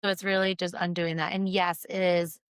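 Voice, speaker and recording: A woman's voice: fairly low pitch, brisk, smooth, no room sound, clean studio sound. Earnest woman telling stories as a guest. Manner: earnest, animated storyteller acting out quotes. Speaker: guest, nonprofit founder. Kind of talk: casual interview conversation.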